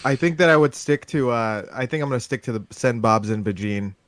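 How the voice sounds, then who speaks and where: A man's voice: mid-range voice, brisk, fairly bright tone, no room sound. A man in a casual podcast chat who jokes, swears and laughs.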